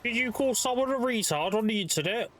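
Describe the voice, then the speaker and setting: A man's voice: very high-pitched, expressive, a little fast, a bit bright, slight background noise, voice pushed up. A man voicing a bossy, mouthy London police officer with a sneering, profane manner and a London accent. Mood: mocking. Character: mouthy male London street cop, bossy.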